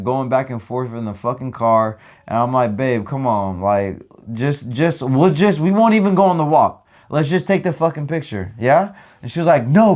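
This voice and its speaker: A young man telling a story in casual chat, animated and full of profane slang. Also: medium pitch. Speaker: podcast co-host.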